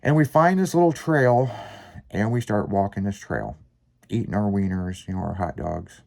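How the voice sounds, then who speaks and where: A man hosting a podcast, telling a long story in casual, profanity-laced chat with lively, rambling delivery. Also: fairly low pitch, normal speed, gravelly. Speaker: podcast host.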